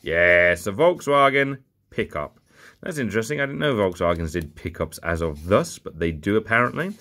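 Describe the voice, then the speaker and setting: A man's voice: deep voice, big pitch swings, a little fast, a bit bright. A young man rambling jokily through a bag of old toy cars. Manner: rambling, jokey, muttering asides. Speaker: toy collector vlogger. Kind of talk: casual unboxing commentary.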